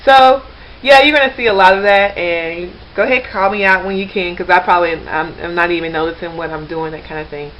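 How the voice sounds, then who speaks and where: A woman's voice: on the low side, brisk, fairly bright tone, a little hiss or hum. A woman chatting casually to camera in a rambling way, with plenty of fillers and restarts. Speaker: language learner vlogger. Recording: slightly dull lo-fi webcam recording.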